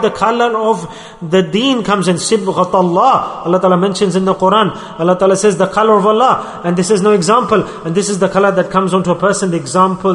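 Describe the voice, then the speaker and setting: A man's voice: high-pitched, fairly bright tone. A man giving an earnest sermon as a religious teacher, repeating and stressing key phrases. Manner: earnest, repetitive, emphatic phrasing. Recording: echoey hall.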